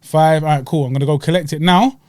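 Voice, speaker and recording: A young man with a London accent co-hosts a podcast, chatting casually and acting out the people in his stories with plenty of street slang. His voice sits a little high for a man, and it sounds dry and close, with almost no room sound. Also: fast talker, no room sound. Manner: animated storytelling with slang and acted-out quotes. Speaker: podcast co-host. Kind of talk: casual chat.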